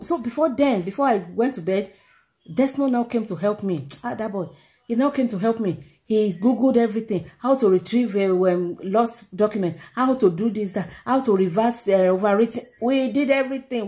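Mellow-voiced Nigerian woman telling a story. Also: fairly high pitch, moderate pace. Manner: animated, exclamatory, repeats herself for emphasis. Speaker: vlogger. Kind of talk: casual storytelling to camera.

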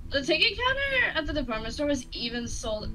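A whiny young girl with no ticket, voiced by a woman. The voice sits very high and jumps around. Faint game music plays underneath. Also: big pitch swings, fairly quick, poor audio. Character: young woman whining about a lost ticket.

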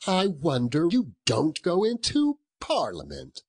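A man voicing a grumpy, scornful old miser in a storybook reading, with drawn-out, high, strained retorts. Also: wildly swooping pitch, breathy edge, heavily acted. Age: older. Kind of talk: audiobook character voice.

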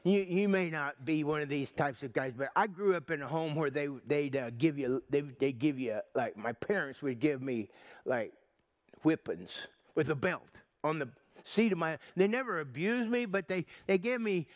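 Male pastor, higher-pitched, rambling folksy sermon delivery. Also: dry recording, studio quality. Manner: folksy, halting storyteller with many restarts. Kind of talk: sermon with personal story.

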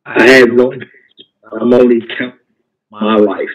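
Live-stream co-host, man, mid-pitched voice, earnest and apologetic, remote call with crowd noise behind. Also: little pitch movement, a little slow, rough recording. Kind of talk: casual live-stream chat. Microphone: remote call from a parked car.

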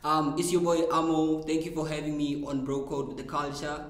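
A man guesting on a casual group chat who pauses and restarts as he jokes in an offbeat way. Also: a little high, monotone. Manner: halting, offbeat humor. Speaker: podcast guest. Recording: echoey room.

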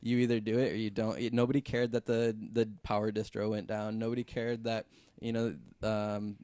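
A man's voice: lowish voice, brisk, dry recording. A man, a visual effects artist, telling a story in a casual podcast chat, full of fillers and swearing. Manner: relaxed, filler-heavy, swears freely.

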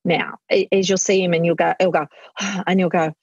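Middle-aged woman, husky voice, animated interview chat, dull dry sound. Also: fairly low pitch, moderate pace, no room sound. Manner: animated, acts out what she says to her kids. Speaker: guest. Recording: muffled dry audio.

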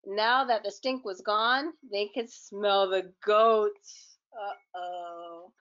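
A woman reading a children's book aloud in a gentle, expressive storytelling manner. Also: mid-range voice, slow pace, lo-fi sound.

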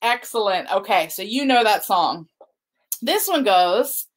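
A woman's voice: mid-range voice, lively intonation, measured pace. A woman working as a children's librarian, hosting a kids' storytime in a library with drawing and booktalks. She asks the children lots of coaxing questions in a sing-song way.

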